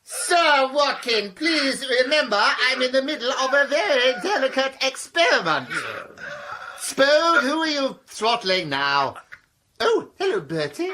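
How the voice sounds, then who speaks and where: Fussy earnest young guy, bright lively voice. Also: extremely high pitch, a little slow, full character voice. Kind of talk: radio comedy acting.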